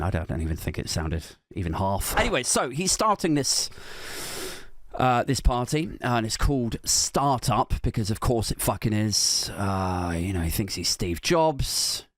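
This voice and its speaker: A man hosting a comedic political rant, sardonic and sweary, with a mocking edge to every line. His pitch swings a lot as he talks, and the sound is dry and close to the mic. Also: no echo. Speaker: comedian host.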